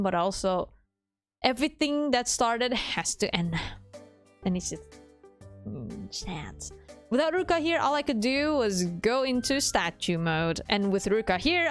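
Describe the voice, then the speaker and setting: A woman streaming a visual novel, chatting casually, swearing freely, laughing often and nerding out about languages. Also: a little high. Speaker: game streamer. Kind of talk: casual live gaming commentary.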